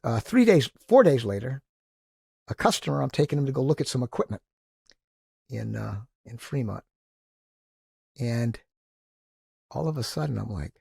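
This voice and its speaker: A male motivational speaker telling animated stories as a podcast guest, acting out the people he quotes. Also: mid-range voice, normal speed, vocal fry, pauses often, husky, no room sound, studio quality. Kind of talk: casual storytelling.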